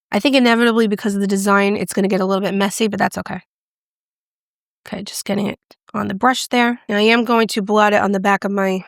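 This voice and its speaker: Woman, beauty vlogger, bubbly, gushing, medium pitch, dry close sound. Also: creaky, no echo. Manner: drops to a whisper when excited. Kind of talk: casual product review and demo.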